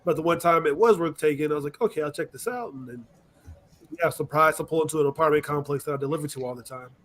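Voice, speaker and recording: Fast-talking man telling delivery stories. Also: on the high side, a bit bright. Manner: quick, storytelling. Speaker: delivery driver panelist. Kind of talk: casual panel chat.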